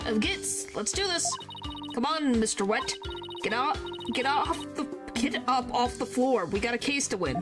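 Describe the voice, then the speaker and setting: A woman's voice: a little high, lively intonation, moderate pace, close to an everyday voice. A woman voicing a plucky, eager young female defense lawyer. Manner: eager, spirited. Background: game music.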